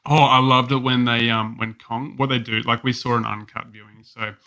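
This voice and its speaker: A man with a bright, forward voice trades crude, sarcastic jokes while reviewing a film. He talks in a loose, casual podcast manner. The recording is quiet and soft. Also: mid-range voice, flat delivery, moderate pace. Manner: jokey, sarcastic, crude humor. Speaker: podcast co-host. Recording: quiet, softly recorded audio.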